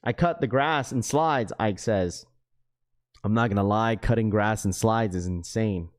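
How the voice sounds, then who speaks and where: A man's voice: on the low side, unhurried. A young man hosting a live stream, chatting casually with viewers in a loose, rambling way. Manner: casual, addresses chat as bro, rambling. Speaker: livestream host.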